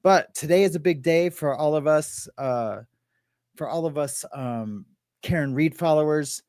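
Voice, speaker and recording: A man's voice: a little high, measured pace, a little mellow, dry recording, studio quality. A man hosting a live-stream podcast, chatting loosely with viewers, rambling and joking as he greets them by name. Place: at home.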